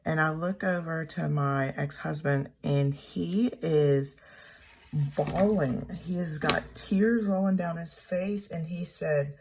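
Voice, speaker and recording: A woman in her thirties telling a personal story at home in a rambling, halting way, often correcting herself. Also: sits low. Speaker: planner vlogger. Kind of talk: casual storytelling while journaling. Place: home room.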